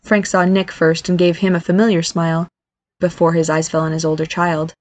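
A woman reading a story aloud as narrator in a steady, even manner. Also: lowish voice, brisk, no echo. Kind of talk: scripted narration.

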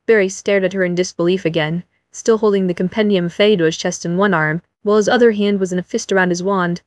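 A woman narrating a novel as an audiobook in an even storytelling manner. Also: medium pitch, fast talker, no echo.

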